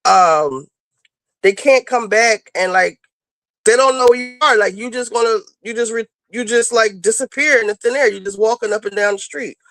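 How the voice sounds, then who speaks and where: On a clip-on mic, a chat show co-host rambles through a casual, profane story thick with fillers, walking around indoors and then going out. Her voice is a little high and a bit bright, her pace normal, and the audio has no echo.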